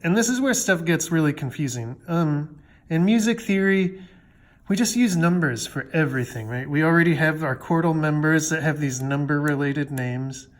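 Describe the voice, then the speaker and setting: At a moderate pace, a man whose voice sits slightly high runs through a music theory lesson. The delivery is loose and conversational, full of fillers and light humor, as if for a buddy.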